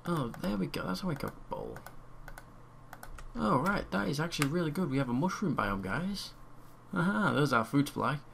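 A man's voice: fairly high pitch, very animated, normal speed, vocal fry, a little hiss or hum. A young man giving casual commentary on his own gameplay, chatty and muttering repeated words to himself as he plays. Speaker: let's play gamer. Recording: home mic with loud keyboard typing. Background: keyboard typing.

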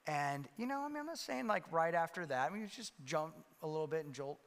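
A man's voice: a little high, expressive, fast. A man preaching a sermon as pastor, telling stories in a loose conversational way with many fillers and restarts. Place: church sanctuary. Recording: long hall reverb.

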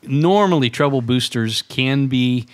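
A man's voice: medium pitch, unhurried. A man co-hosting a casual guitar podcast, making teasing, dry asides. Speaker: podcast co-host.

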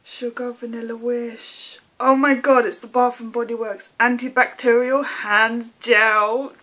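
A woman's voice: a little high, level tone, unhurried, few pauses, sharp tone. An English woman vlogging an unboxing, gushing with thanks in casual chat. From England.

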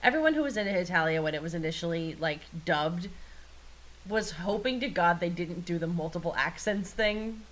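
Young female podcast co-host, lowish voice, steers the conversation. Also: normal speed, poor audio. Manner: relaxed, steers the talk, casual swearing. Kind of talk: casual podcast chat.

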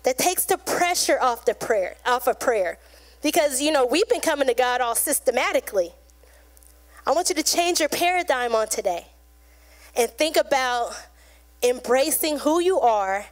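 A woman preaching to a congregation in an easygoing, chatty style. Her voice sits high, and she keeps things loose and conversational, dropping into short acted-out lines now and then. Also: expressive, moderate pace. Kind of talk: sermon.

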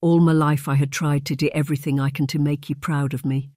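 A narrator voicing a proud, hot-headed young Highland warrior, a man with a Scottish accent who speaks in an impassioned, defiant way. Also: little pitch movement, quick pace, a little mellow, no room sound, clean studio sound, natural voice.

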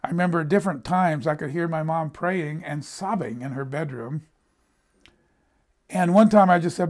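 Older man preaching, gravelly voice. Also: fairly high pitch, moderate pace, a little mellow. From United States. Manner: conversational storytelling, repeats words when he stumbles. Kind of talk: sermon.

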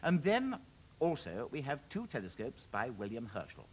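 A man's voice: mid-range voice, wildly swooping pitch, moderate pace, husky, poor audio. A man in his sixties presenting an educational television programme, enthusiastic and chatty, with wry humorous asides.

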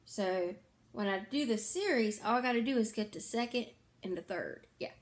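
A woman's voice: mid-range voice, normal speed. A tired woman chatting casually about her reading to her viewers, rambling and correcting herself as she goes. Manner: rambling, self-correcting, filler-heavy. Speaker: book vlogger. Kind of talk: casual book chat to camera.

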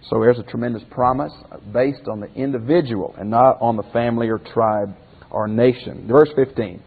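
A man's voice: mid-range voice, moderate pace, creaky, husky. A man, a pastor, teaching a Bible class in a conversational way, asking the group questions and restarting phrases as he goes. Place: classroom or church hall with a group. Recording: phone-like lo-fi audio in a reverberant hall.

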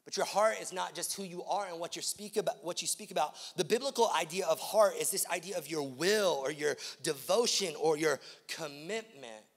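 A man preaching a sermon as pastor, swinging from hushed lines to loud, emphatic repetition and asking the congregation direct questions. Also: on the high side, moderate pace, few pauses, big-room sound. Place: large church auditorium.

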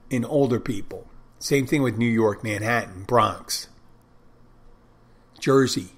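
A man's voice: medium pitch, slow pace, long pauses, slightly rough. A man hosting a podcast, talking on his own in a loose, wandering way as he thinks aloud. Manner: rambling, digressive, thinking aloud. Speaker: podcast host. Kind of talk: casual solo podcast monologue.

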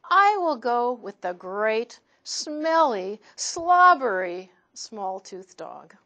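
A woman reading aloud and voicing a brave young daughter in a children's storybook, in a soft, sing-song voice. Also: on the high side, sing-song, drawn-out words, full character voice. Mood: steady.

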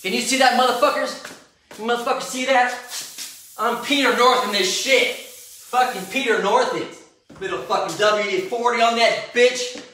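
A man talking in an unscripted vlog from his home garage, brash, loud and hyped, swearing constantly. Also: very high voice, moderate pace, slight background noise. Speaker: mindset coach and vlogger. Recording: roomy garage echo.

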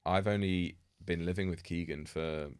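A man's voice: low voice, steady tone, moderate pace, smooth, no room sound. A young man co-hosting a casual podcast, chatty and self-deprecating, admitting he overthinks things. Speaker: podcast co-host. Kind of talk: casual chat. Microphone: studio podcast mic.

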